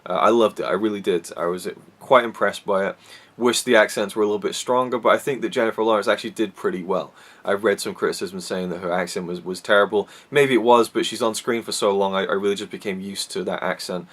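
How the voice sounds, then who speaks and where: Male film reviewer, low-pitched, chatty, self-correcting delivery. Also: steady tone, fast talker, a bit bright. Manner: rambling, many restarts and fillers. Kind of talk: casual solo movie review.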